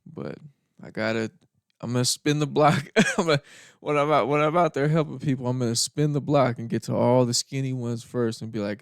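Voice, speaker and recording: A man's voice: medium pitch, a little fast, clean tone, dry recording, clean studio sound. A man hosting a podcast, telling stories in a laid-back, rambling way, laughing often. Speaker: podcast host. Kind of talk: casual storytelling monologue.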